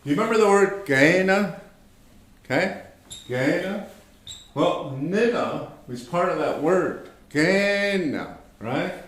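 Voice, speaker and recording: A man teaching an online language class, speaking slowly and patiently, repeating words and checking in with his students. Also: sits high, lively intonation, a bit bright, reverberant. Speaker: language instructor.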